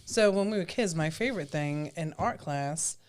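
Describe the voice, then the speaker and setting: A woman's voice: low-pitched, moderate pace, a little mellow. A woman co-hosting a casual live stream, chatty and telling a childhood story. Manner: chatty, laughs easily, tells stories. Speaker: livestream co-host.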